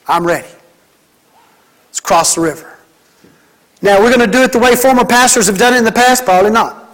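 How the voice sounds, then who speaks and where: Male pastor, high-pitched, fervent sermon delivery with repeated phrases. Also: fairly quick, a bit bright, low-quality recording. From Mississippi. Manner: preaching with emphatic, rhythmic repetition.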